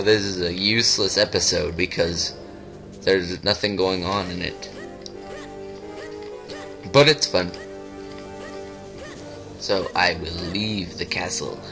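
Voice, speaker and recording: A young man casually commenting while he plays a video game, goofing around and reading game text aloud in silly voices. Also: low-pitched. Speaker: let's play host.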